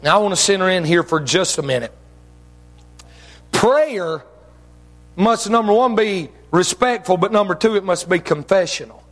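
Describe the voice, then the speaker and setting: A man preaching a sermon as pastor, with folksy phrasing, shouted emphasis and drawn-out phrases. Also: sits high, lively intonation. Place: church sanctuary. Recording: long reverb of a church hall.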